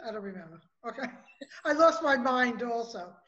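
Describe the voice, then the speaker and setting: A woman's voice: a little high, expressive, moderate pace, fairly bright tone, dull audio. A woman co-hosting a podcast in casual chat, talking in a scattered, forgetful way. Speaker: podcast co-host.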